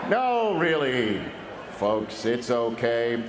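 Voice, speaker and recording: A man's voice: medium pitch, very animated, extremely slow, echoey room. A man emceeing a dinner in a large auditorium through a stage mic, teasing the crowd in a playful way. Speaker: event emcee. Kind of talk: stage emcee speech with jokes. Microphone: stage microphone over PA. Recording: noisy auditorium PA recording.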